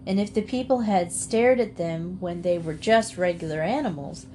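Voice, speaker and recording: A woman reading a children's storybook aloud in a calm, measured way. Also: lowish voice, a little hiss or hum. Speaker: storybook reader.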